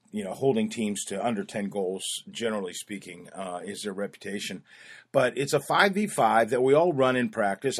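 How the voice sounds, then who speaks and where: A man with a fairly low voice hosts a podcast and introduces an upcoming clip. He talks loosely and casually, filling his pauses with "uh" and "um" as he wanders through his thoughts. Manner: rambling, filler-heavy with frequent "uh" and "um". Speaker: podcast host.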